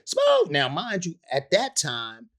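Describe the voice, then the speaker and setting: Man, fifties, rap guest, slangy storyteller, very lively pitch. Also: moderate pace. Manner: slangy, acts out other people's voices in quotes. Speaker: rapper interview guest. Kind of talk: animated storytelling anecdote.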